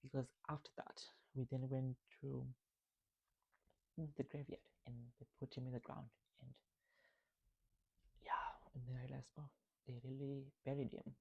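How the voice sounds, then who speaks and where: Gravelly, husky man telling a personal story. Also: medium pitch, monotone, moderate pace, long pauses, highs cut off. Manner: reflective, conversational, asks "right?" often. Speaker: vlogger. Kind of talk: personal storytelling about grief.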